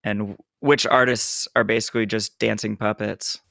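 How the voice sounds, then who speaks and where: A man's voice: on the low side, moderate pace, gravelly, dry recording, studio quality. A man in his thirties co-hosting a podcast, chatting casually and telling stories with lots of "like". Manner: relaxed, storytelling with filler "like". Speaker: podcast co-host. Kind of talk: casual chat.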